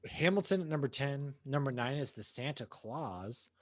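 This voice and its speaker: Podcast co-host, male, 30s, animated and swearing, swooping intonation, dry close sound. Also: mid-range voice, moderate pace, no echo. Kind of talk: casual chat.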